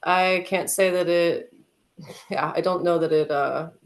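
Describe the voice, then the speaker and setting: A woman's voice: lowish voice, fairly even intonation, a little slow. An American woman telling a vivid, emotional personal story as a podcast guest, with many "like"s. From United States.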